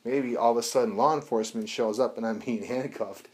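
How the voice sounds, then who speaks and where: A man teaching a recovery group in a casual, animated way, acting out bits of dialogue and swearing now and then. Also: mid-range voice, fairly quick. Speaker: recovery class instructor.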